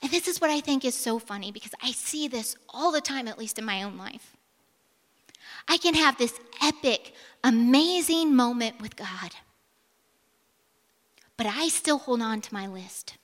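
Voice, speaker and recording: A woman preaches in a high, bright voice that carries a long hall echo. She tells the story vividly, acts out the dialogue and drops to a near whisper for emphasis. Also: animated, measured pace. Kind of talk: sermon.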